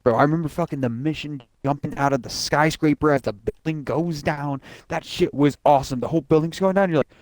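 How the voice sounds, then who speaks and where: A young man hosting a casual podcast, talking excitedly and swearing often, acting out game scenes in quick voices. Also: fairly high pitch, no echo. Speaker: podcast host. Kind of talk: casual chat.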